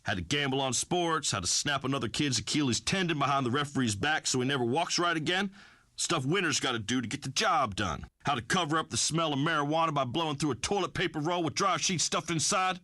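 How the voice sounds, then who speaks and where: An actor playing a brash, folksy redneck farmer who hosts a talk radio show, blustering through rambling pronouncements. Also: male voice, fairly high pitch, fairly quick, sharp tone, dry recording, studio quality. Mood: preachy. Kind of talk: comic talk radio acting.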